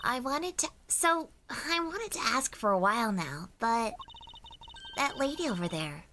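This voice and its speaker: A woman voicing an eager, bubbly young female character in a fan game reading, with excitable, bouncy delivery. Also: on the high side, a little slow, slight background noise, exaggerated voice. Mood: excited.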